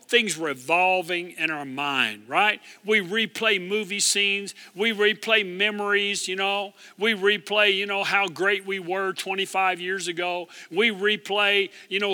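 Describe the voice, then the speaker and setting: A man's voice: high-pitched, sharp tone. An older man, a pastor preaching a sermon and calling for amens from the congregation. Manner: call-and-response preaching, asks for amens. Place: church hall. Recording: echoey hall.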